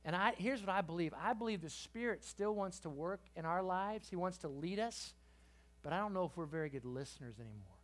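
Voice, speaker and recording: Lively middle-aged male preacher. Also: high voice, a little fast. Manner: lively, swings from quiet to loud. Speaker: guest preacher. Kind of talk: youth sermon with storytelling. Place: church youth service.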